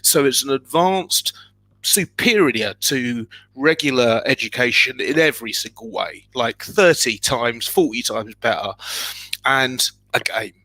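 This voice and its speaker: A man as an interview guest, telling personal stories in an animated way and acting out scenes with sudden loud exclamations. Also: mid-range voice, measured pace, dry recording.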